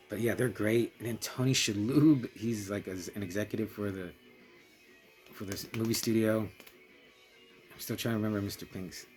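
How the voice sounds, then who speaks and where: A man with a fairly low voice talks through a film in a loose, rambling way. He restarts sentences and lets some phrases fade off quietly. Faint music plays behind him. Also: steady tone, normal speed. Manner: rambling, restarts often, trails off softly. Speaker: film reviewer. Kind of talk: casual spoken film review.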